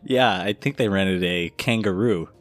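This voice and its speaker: A man's voice: sits low, measured pace. A man co-hosting a casual podcast, answering quiz questions hesitantly and laughing often. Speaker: podcast co-host. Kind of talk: casual chat.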